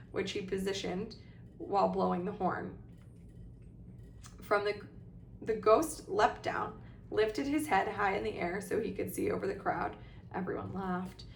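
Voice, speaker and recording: A woman's voice: mid-range voice, creaky, reverberant, a little hiss or hum. A woman reading a storybook aloud as narrator in a plain storytelling manner. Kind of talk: audiobook reading.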